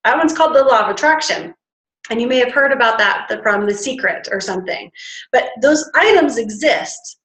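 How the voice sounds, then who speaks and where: A woman's voice: on the high side, reverberant, rough recording. A woman giving a chatty motivational talk to a live audience, demonstrating breathing with sighs. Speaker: wellness workshop presenter. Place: standing before an audience in a room.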